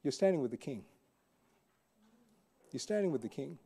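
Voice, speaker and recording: A man's voice: mid-range voice, lively intonation, normal speed, vocal fry, dark tone, slightly rough. A man preaching a sermon as a pastor, in a conversational, questioning way with frequent fillers.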